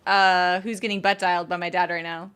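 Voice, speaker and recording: A woman streamer chatting casually, telling a story in an excitable, giggly way. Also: lowish voice, brisk, clean tone. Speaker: game streamer. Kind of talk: casual chat.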